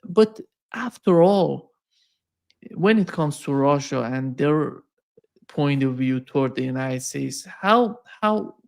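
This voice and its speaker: A man hosting an interview, asking long questions in a halting way and repeating words as he goes. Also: on the high side, expressive, vocal fry. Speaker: interview host.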